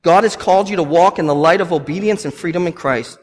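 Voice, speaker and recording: A man's voice: fairly high pitch, fast talker. A man, preaching a sermon with passion and repeating lines for emphasis. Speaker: pastor. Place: church. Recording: long hall reverb.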